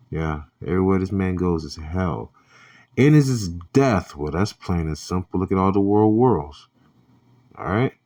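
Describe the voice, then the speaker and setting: Man, very low voice, religious news commentary, blunt, preachy, profane, scripture reading. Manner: blunt, profane, preachy, loud pitch jumps when riled; reads scripture aloud.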